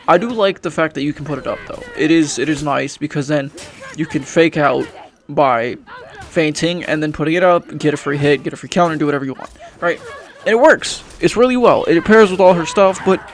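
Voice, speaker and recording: A man's voice: a little high, a little fast, a little hiss or hum. A young man giving frustrated, profane game commentary as a YouTuber, often restarting his sentences. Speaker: gaming YouTuber.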